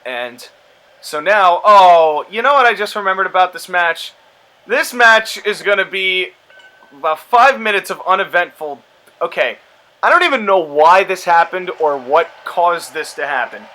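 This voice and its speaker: A man with a high voice calls a video game match in a loose, rambling way. His tone is bright and tense, full of sarcastic asides and exasperated complaints. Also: lively intonation, unhurried, poor audio. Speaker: commentator and show host. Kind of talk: casual play-by-play commentary over a video game match.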